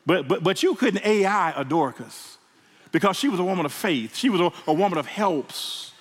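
A man's voice: sits high, expressive, normal speed, breathy edge. A man preaching a sermon in a church, emotional and repeating words as he builds. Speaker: pastor. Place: church sanctuary. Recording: reverberant church hall.

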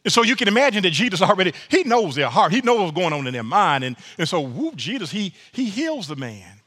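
High, lively preacher in a big echoing hall. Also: male voice, brisk. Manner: lively, folksy preaching with many repeated words. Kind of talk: sermon. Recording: long reverb of a large room.

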